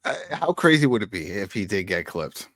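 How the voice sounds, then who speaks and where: A man's voice: lowish voice, sing-song, brisk, fairly bright tone. A man co-hosting a TV recap show, tossing in jokes and musing aloud with hedges. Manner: joking asides, musing and hedging. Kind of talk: casual TV recap chat.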